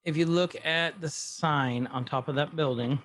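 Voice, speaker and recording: Recapping a TV episode on a podcast, this co-host rambles casually through the scenes, dropping quick quoted lines as he goes. His voice is on the high side and fairly bright, with slight background noise.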